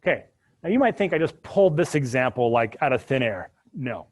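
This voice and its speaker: Husky, animated male coding instructor. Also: medium pitch, quick pace. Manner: animated, jokey asides while working through code. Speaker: university instructor. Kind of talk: live classroom coding lecture.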